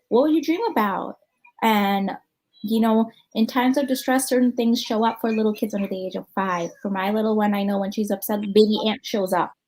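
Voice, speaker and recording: A woman's voice: fairly high pitch, a little mellow, rough recording. A woman with an American accent, a clinical psychologist answering audience questions in a conversational conference talk, thinking aloud with plenty of ums and you-knows.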